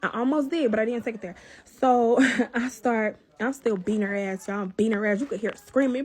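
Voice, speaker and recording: A young woman telling a personal story in a casual vlog, animated and profane, talking straight to her viewers. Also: on the high side, a little fast.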